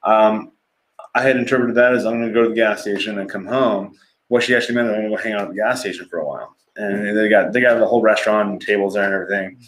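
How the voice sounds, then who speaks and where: A man's voice: fairly low pitch, steady tone, fast, fairly bright tone, a little hiss or hum. A middle-aged man, a podcast guest, telling candid and profane personal stories in a casual conversation, laughing often. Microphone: livestream podcast mic.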